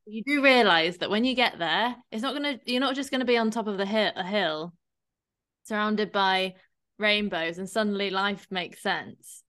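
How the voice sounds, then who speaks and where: On a casual podcast, a woman co-hosting as a fitness coach talks bluntly and animatedly, now and then swearing and imitating other people's voices. Her voice is mid-range and fairly bright, at a normal speed.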